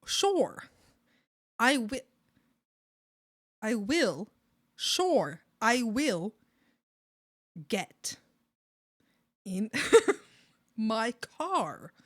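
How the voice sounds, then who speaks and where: Giggly high-voiced Canadian woman streamer. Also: extremely slow, long pauses. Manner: giggly, animated, breaks into laughter often. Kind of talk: casual chat with viewers while drawing.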